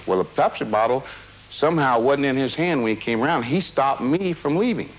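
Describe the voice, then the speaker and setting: A man's voice: mid-range voice, animated, a little fast, a little hiss or hum, rough recording. A man being interviewed, recounting a personal memory in a rambling, casual way with many fillers and restarts. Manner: casual, drops "man" into his talk.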